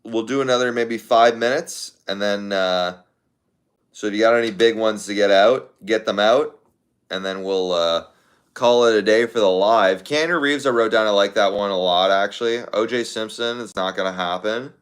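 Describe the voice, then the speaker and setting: A man's voice: on the low side, normal speed, smooth. A man hosting a livestream, chatting casually and reading out viewer comments, thinking aloud with fillers and repeated phrases. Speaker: livestream host.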